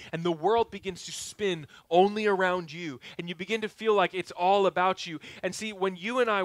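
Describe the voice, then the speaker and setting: A male pastor preaching a sermon in a conversational way, with joking asides, swinging between loud and quiet. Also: sits high, no room sound.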